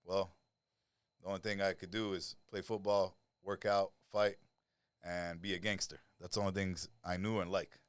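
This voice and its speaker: A man with a very low voice tells his past in a rough, profane street manner, picked up close by a studio mic in a dry room with no echo. He is a guest on a podcast and sounds to be in his forties. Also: little pitch movement, normal speed. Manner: blunt, profane street talk. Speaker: interview guest. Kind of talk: storytelling interview.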